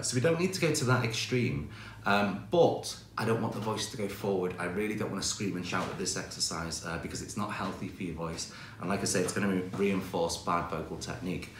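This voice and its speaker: A man teaching singing, explaining exercises in a relaxed, chatty way full of fillers, speaking into a microphone in front of him. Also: fairly low pitch, normal speed, slight background noise. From England. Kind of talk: online singing lesson. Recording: echoey room with faint piano.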